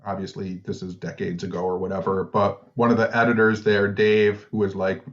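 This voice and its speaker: A man's voice: on the low side, level tone, moderate pace, highs cut off. A man co-hosting a podcast, telling stories in laid-back casual chat and laughing at himself. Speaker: podcast co-host.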